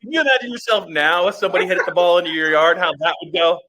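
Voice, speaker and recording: A man's voice: high-pitched, fast, sharp tone. A middle-aged man co-hosting a podcast in casual chat, agreeable and chiming in with short replies. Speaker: podcast co-host.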